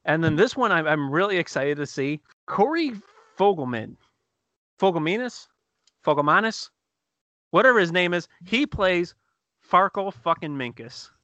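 Bright, eager man chatting. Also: sits high, moderate pace, dry recording, highs cut off. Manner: excited, chatty retelling with laughs and restarts. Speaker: podcast co-host reviewing TV episodes. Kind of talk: casual chat.

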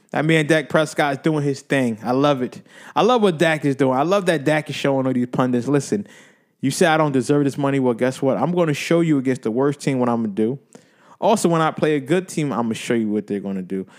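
Male podcast host, casual sports talk, animated and playful, average pitch. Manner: animated, hype, playful banter.

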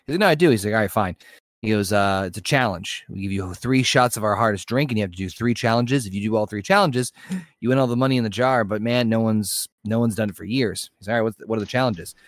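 A man's voice: lowish voice, fast talker, no echo, studio quality. A man co-hosting a casual podcast, telling a long joke and acting out the bar talk with loose, swearing delivery. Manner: rambling storyteller, acts out bar dialogue. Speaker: podcast co-host.

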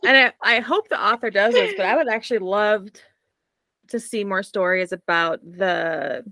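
A woman's voice: medium pitch, normal speed, pushed and bright, no echo. A woman co-hosting a casual podcast over a video call, laughing a lot and retelling things with animation. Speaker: podcast co-host. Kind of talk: casual chat.

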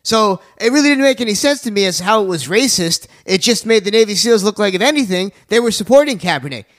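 A man's voice: high voice, expressive. A man hosting a casual radio talk show, joking around and plugging sponsors. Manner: jokey, plugs sponsors, fast asides.

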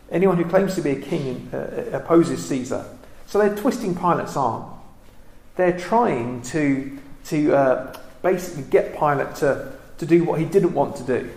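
Guy doing a bible study, lots of ums, kinda high voice, roomy echo. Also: expressive, a little mellow. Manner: reflective, halting with many ums and restarts. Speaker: Bible teacher.

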